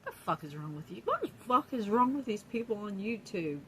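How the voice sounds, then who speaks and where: A YouTube vlogger chats casually from her downstairs apartment in a mid-range, fairly bright voice with big pitch swings, talking a little fast. She's blunt and profane and laughs often. There's slight background noise.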